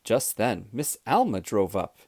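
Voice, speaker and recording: Slow, expressive male storybook reader. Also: fairly low pitch, no echo, studio quality. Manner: clear, expressive, deliberate. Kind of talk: children's storybook read-aloud.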